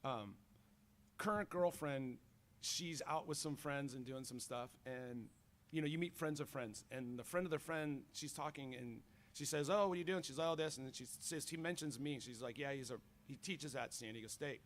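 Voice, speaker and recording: A middle-aged college teacher, a guest on a radio show, chatting casually and telling animated stories with many fillers. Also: male voice, mid-range voice, normal speed. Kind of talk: casual radio interview chat.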